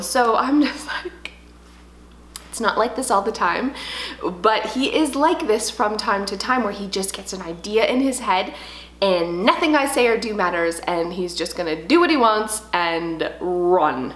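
A woman in her thirties, a home decor vlogger telling a story in casual, animated chat. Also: mid-range voice, measured pace. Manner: chatty, animated storytelling with laughs. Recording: echoey room.

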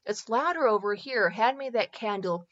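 A woman doing a fussy mad scientist who barks clipped instructions. The sound is bright and edgy. It is a muffled, lo-fi home reading. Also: fairly high pitch, expressive, moderate pace. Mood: plain. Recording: dull lo-fi recording.

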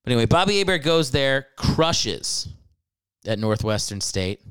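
A man's voice: medium pitch, very animated, a little slow, fairly bright tone, clean tone, no echo, clean studio sound. A young adult man hosting a casual comedic podcast, rambling with irreverent, profane asides. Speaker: podcast host.

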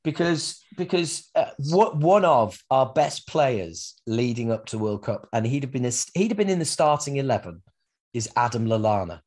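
A man's voice: mid-range voice, lively intonation, moderate pace, a little mellow. Man bantering, swearing freely. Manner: banter-heavy, swears, teasing. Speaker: football podcast co-host, Leeds fan. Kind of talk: casual chat.

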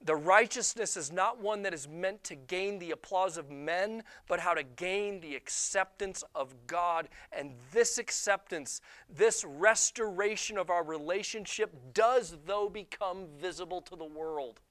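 Bright-voiced male pastor preaching. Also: high-pitched, measured pace, few pauses. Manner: animated, self-deprecating, acts out quotes. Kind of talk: sermon with personal storytelling.

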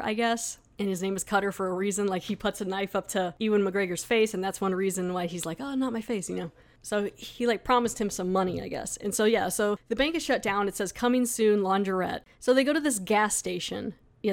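Woman rambling on her review podcast, lots of likes and ums, mid-pitch voice. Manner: chatty, rambling with many fillers. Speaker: podcast host.

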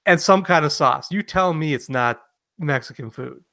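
Male podcast co-host, bright slightly high voice, animated storyteller, dry close mic. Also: moderate pace, gravelly, no room sound. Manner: animated storyteller, acts out quotes loudly. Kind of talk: casual chat.

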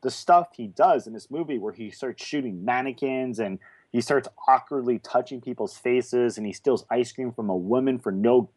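A man co-hosting a podcast, arguing his view on a film in a casual, animated way. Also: medium pitch, normal speed. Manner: animated, opinionated. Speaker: podcast co-host.

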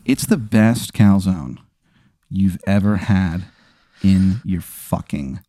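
A man telling an improvised comic story in a rambling, deadpan way, full of fillers. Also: deep voice, takes it slowly, dry recording, studio quality.

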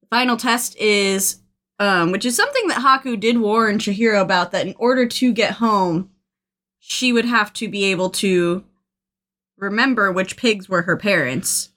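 Woman casually recapping a film plot. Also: medium pitch. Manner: relaxed storyteller, fillers, quick asides. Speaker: podcast co-host.

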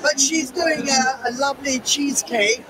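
A woman baker being interviewed at a busy baking show, animated and laughing, her voice going hoarse with a cough. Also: high-pitched, moderate pace. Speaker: guest baker. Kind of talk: chatty interview at a live show. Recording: loud crowd at a busy show. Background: crowd chatter and noise.

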